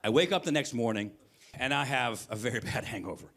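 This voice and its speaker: A man in his forties doing stand-up storytelling on a live stage, animated and breaking into loud acted bits. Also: medium pitch, brisk, very noisy. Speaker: stand-up comedian.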